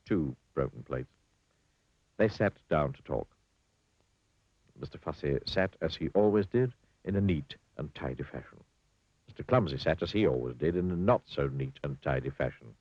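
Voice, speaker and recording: Brief: low husky storyteller, very lively reading, dull dry lo-fi sound. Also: male voice, no room sound. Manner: dry, wry storybook delivery.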